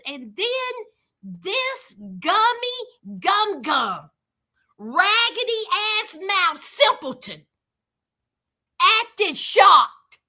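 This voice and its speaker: A woman's voice: very high voice, big pitch swings, extremely slow, long pauses, bright, forceful tone. A woman giving a comedic, sassy recap of a reality show, mocking the people in it with dramatic flair. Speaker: reality TV commentator.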